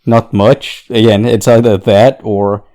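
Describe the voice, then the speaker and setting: A man's voice: on the low side, level tone, unhurried, dark tone. A man co-hosting a podcast, chatting casually and laughing between his points. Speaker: podcast co-host. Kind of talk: casual chat.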